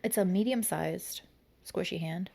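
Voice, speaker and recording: A woman's voice: fairly low pitch, measured pace, creaky, darkish tone. Giggly young woman podcast co-host. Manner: giggly, playful, blunt banter. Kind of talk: casual chat.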